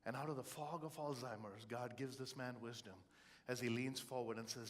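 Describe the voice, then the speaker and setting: A man's voice: mid-range voice, normal speed. A middle-aged man giving a live motivational talk, telling stories with humor and feeling. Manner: expressive, storytelling, humorous. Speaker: motivational keynote speaker.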